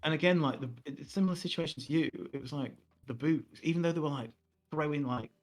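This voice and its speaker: A man's voice: a little high, quick pace. Man telling a rambling story. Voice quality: animated, mocking voices in quotes. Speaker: podcast co-host. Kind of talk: casual storytelling chat.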